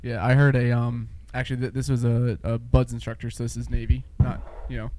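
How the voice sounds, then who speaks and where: A male host asks his guest questions in a casual interview. His voice sits at a medium pitch and barely rises or falls, giving it a flat, even delivery. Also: a little fast, no echo. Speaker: podcast host.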